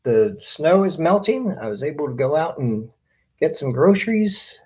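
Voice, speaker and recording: A man's voice: fairly high pitch, big pitch swings, moderate pace, darkish tone. Upbeat man greeting live-stream viewers. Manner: friendly, reads out viewer names one by one.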